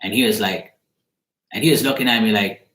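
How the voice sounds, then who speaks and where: A man with a fairly low voice rambles through a story in a loose, casual way, and his speech is peppered with swearing. He talks to the camera from his own apartment, and the sound bounces around an echoey room. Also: brisk, a bit bright. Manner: loose, profane, rambling retelling. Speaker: psychic card reader.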